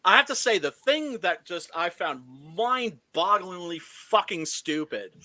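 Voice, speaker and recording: A man's voice: sits high, animated, a little slow, pushed and bright. A man hosting a casual film discussion, emphatic and swearing freely, often checking in with "right?". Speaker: podcast host.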